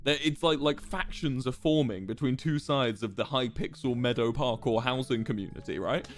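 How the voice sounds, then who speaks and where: A young man streaming, telling a story to his chat in a casual, animated way, swearing freely and acting out what people said. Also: mid-range voice, normal speed. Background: faint music.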